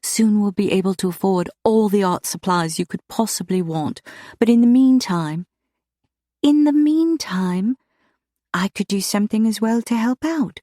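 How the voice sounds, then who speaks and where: A woman's voice: mid-range voice, expressive, unhurried, mellow, no room sound, studio quality, voice pushed up, close to an everyday voice. A woman voicing a protective, wary older sister who speaks carefully and guardedly.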